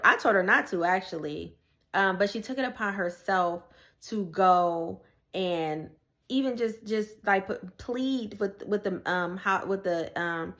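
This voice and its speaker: A woman's voice: medium pitch, a bit bright. A woman in casual, conversational storytelling, sharing her personal faith testimony and addressing viewers directly, often repeating and restarting phrases.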